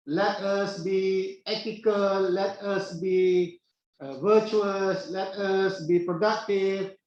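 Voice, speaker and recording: A middle-aged man giving a classroom lecture, unhurried and repetitive, with many "uh" pauses and questions to the class. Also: sits high, a little mellow. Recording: very echoey, dull classroom recording.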